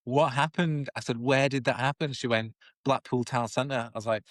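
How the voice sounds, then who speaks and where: A man speaks at an ordinary pitch, pausing and restarting as he tells an anecdote. The recording is dry and close. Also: no room sound. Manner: hesitant, restarting. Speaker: podcast co-host. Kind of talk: casual chat.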